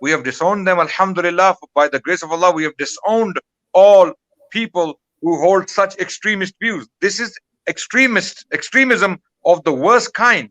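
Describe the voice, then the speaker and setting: A man's voice: high voice, brisk, bright, forceful tone, no echo, dull audio. A man giving impassioned commentary as a guest, indignant and full of rhetorical questions.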